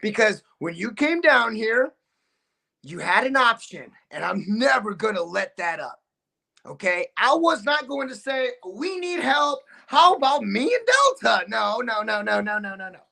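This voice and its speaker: A man cutting a boastful wrestling promo as a guest, brash and trash-talking, shifting between rapid-fire and slow, deliberate lines. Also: sits high, big pitch swings, vocal fry, pushed and bright.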